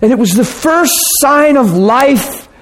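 A man preaching a sermon through an animated story, at times dropping into hushed tones. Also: very high-pitched, slow pace.

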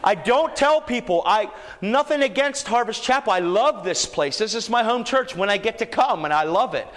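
Lively high-voiced male preacher, storytelling sermon, long hall reverb. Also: normal speed. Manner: animated, rising to shouts when exhorting.

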